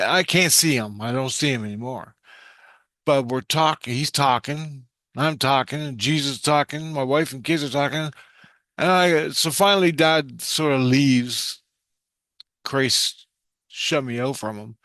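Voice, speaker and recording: Excitable, foul-mouthed man rambling a story. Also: medium pitch, a little slow, no room sound, clean studio sound. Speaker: vlogger recounting a vision. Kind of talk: rambling spoken monologue.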